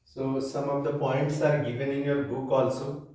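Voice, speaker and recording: A man with an Indian English accent teaching a class lecture, reading slowly from a textbook with pauses and fillers. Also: medium pitch, little pitch movement, mellow. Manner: slow, reads aloud from a textbook with pauses and fillers. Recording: echoey room from far off.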